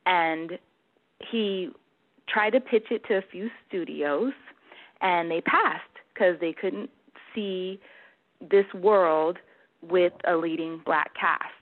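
A woman film producer, a guest on a talk show, telling a story in a steady, detailed way. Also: on the low side, slow, long pauses. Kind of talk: casual interview chat. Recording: tinny phone line.

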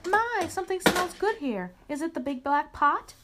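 A woman's voice: a little high, big pitch swings, normal speed, very noisy. A woman doing a friendly hen. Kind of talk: storybook read-aloud.

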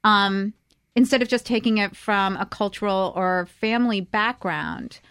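A woman co-hosting a food talk show, chatty and quick to laugh. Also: medium pitch, fairly bright tone, clean tone, no echo, studio quality. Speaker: co-host.

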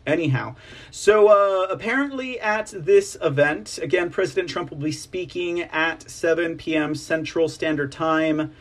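A man with a fairly high voice hosts a political news show, rambling from point to point. He drops sarcastic asides, repeats his phrases and keeps calling out to his audience as ladies and gentlemen. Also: unhurried. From United States. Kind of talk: casual political commentary.

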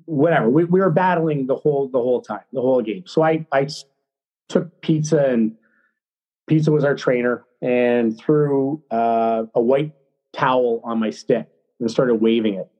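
A middle-aged man, a former hockey player, telling a story as a podcast guest in a blunt, excitable, profane way. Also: mid-range voice, normal speed, dull audio. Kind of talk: casual storytelling.

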